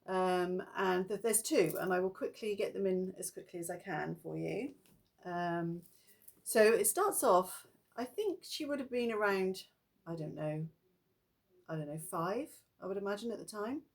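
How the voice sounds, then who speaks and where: A middle-aged woman, a spiritual vlogger, tells ghost stories in a gravelly, unhurried voice. Her delivery is chatty and meandering, and she breaks into lively, high-pitched acted quotes.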